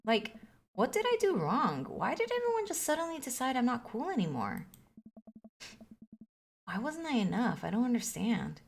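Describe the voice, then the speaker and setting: A woman's voice: fairly high pitch, huge pitch swings, moderate pace, gravelly, long pauses, slight background noise, voice pushed up, heavily acted. A woman reading the lines of an upset teenage girl from a video game, rambling, hurt and exasperated. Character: upset teenage girl venting about friends.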